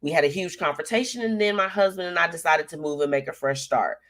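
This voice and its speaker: A woman's voice: lowish voice, quick pace, a bit bright. A young woman hosting a live show, chatting casually and sassily while reading out viewer comments, with lots of slang and laughter.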